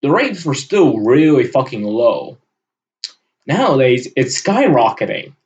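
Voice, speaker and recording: A man delivering a heated, profane solo rant with sudden loud bursts. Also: mid-range voice, sing-song, unhurried. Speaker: channel host. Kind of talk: solo ranting monologue. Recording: dull lo-fi recording.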